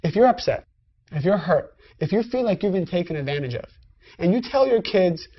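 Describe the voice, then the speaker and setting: A woman's voice: fairly low pitch, animated, fairly quick, muffled recording. A woman teaching a spiritual lesson in a conversational style, speaking directly to her listeners. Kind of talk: recorded lecture.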